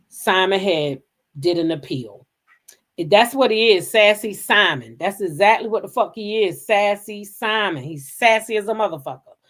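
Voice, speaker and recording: A woman hosting her own gossip show, talking straight to her listeners in unscripted commentary. She rants with heat and sass and swears freely, often repeating herself for emphasis. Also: medium pitch. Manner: profane, heated, sassy ranting.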